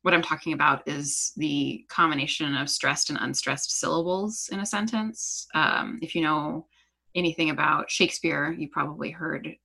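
Low-pitched woman co-host, crisp bright tone, steady explainer. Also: moderate pace. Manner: lecturing, steady explainer with "um" fillers. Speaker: podcast co-host. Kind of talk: explanatory casual chat.

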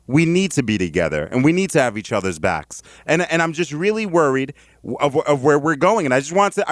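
A man co-hosting a casual comedy podcast, excitable and profane, swinging between serious talk and jokes. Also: fairly high pitch, no room sound, clean studio sound. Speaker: podcast co-host.

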